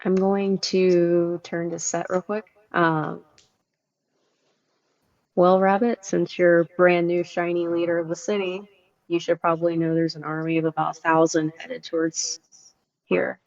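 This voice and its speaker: Player, mid pitch, plain and polite, muffled lo-fi line, dry. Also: flat delivery, unhurried, gravelly, dry recording. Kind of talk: casual in-character play.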